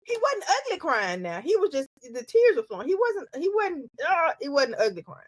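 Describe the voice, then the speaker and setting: A woman's voice: sits high, big pitch swings, no echo. A middle-aged woman co-hosting a podcast in casual chat, explaining her views at length with frequent restarts. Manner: thoughtful, drawn-out explanations with many restarts. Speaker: podcast co-host.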